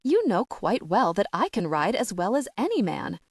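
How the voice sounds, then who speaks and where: A woman voicing a bold, sharp-tongued young heiress who speaks curtly and impatiently. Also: mid-range voice, sing-song, moderate pace, breathy edge, no echo, studio quality, recorded from a distance. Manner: curt and impatient.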